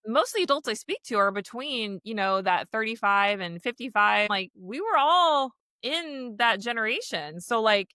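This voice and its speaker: A woman's voice: a little high, sing-song, moderate pace, hardly any pauses, sharp tone, clear, resonant tone, no room sound. A woman in her thirties, a podcast guest and speaker, chatting casually, laughing often and quoting herself. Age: 30s. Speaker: podcast guest, teen mental health speaker. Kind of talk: casual interview chat.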